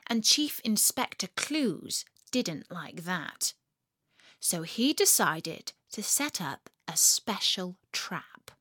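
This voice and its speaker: A woman narrating a children's story in a lively, expressive way, slowing for emphasis. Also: mid-range voice, dry recording, clean studio sound.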